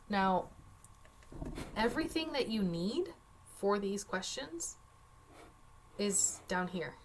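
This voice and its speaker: Woman teacher, relaxed and unhurried, explaining a worksheet step by step with dry humor, faint background noise. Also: mid-range voice. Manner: casual, chatty, wry asides. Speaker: Spanish teacher. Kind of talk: screen-recorded worksheet walkthrough.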